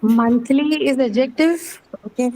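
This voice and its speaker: This English teacher has a high, warm voice and a measured pace, though the rough recording carries a little hiss or hum. She leads an online pronunciation class patiently and step by step, repeating words and asking "okay?".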